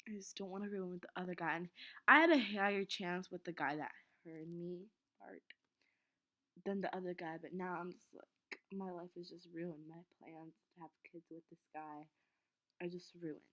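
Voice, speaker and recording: A woman's voice: on the low side, fairly even intonation, normal speed, pushed and bright. A teenage girl telling an embarrassing story in a rambling, flustered way, often dropping to a whisper. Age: teens. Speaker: vlogger. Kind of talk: casual storytelling vlog.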